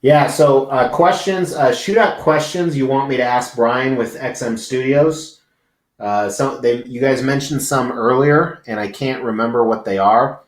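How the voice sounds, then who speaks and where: This livestream host's voice sits in the mid range, and his unhurried speech echoes around a big indoor convention hall. He rambles and chats casually with his viewers, cursing freely as he goes.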